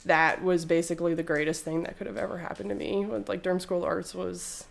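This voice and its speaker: A woman's voice: on the low side, flat delivery, quick pace, creaky. A woman in her thirties, a textile artist, chatting casually in an interview and rambling with lots of fillers.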